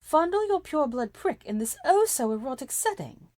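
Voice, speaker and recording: A woman voicing a sharp-tongued, clever young woman who is sarcastic and quick to shout. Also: high-pitched, sing-song, no echo, voice pushed up. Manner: sarcastic, snapping, turns to shouting. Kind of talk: fan fiction reading.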